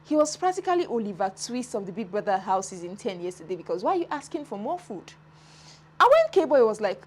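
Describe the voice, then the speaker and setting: A woman talks through the week's reality-show drama in a lively, swooping voice that sits fairly high. She laughs often and slips into the voices of the people she describes. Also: a little fast, slightly rough. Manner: animated, laughing, dramatic retellings. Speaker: entertainment commentator. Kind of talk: casual reality-show commentary.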